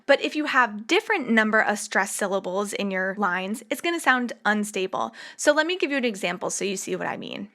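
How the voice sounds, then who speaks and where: A woman hosting a songwriting tutorial, explaining in an upbeat, clear way to the viewer. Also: on the high side, pushed and bright. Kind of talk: scripted music tutorial.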